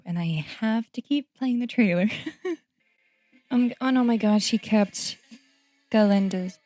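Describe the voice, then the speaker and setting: A woman's voice: medium pitch, a little slow, darkish tone, no echo, soft background music. A woman hosting a podcast, reacting to a movie trailer in a gushing, effusive, exclaiming way. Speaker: podcast host. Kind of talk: casual trailer reaction commentary.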